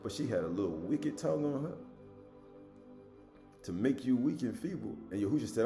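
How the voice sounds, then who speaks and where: A man preaching a sermon, reading scripture loudly and dropping to low asides, with casual rhetorical questions to his listeners. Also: expressive, moderate pace, roomy sound, faint music behind. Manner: swings between loud emphatic reading and low murmured asides.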